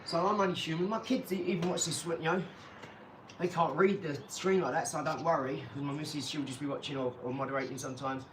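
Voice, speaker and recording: Man vlogger, high-pitched, blunt, rambling; far from the mic with noticeable noise. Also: fairly even intonation, fast. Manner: rambling, blunt, swears then apologizes. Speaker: channel host. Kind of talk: casual vlog monologue. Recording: echoey room, far from mic, clear background noise.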